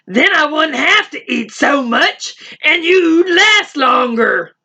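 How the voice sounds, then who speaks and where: A woman voicing a scrawny, hungry male lion who grumbles loudly in a storybook reading. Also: high voice, very animated, slow, pitched above the performer's own voice, exaggerated voice. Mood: grumbling. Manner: loud grumbling complaint.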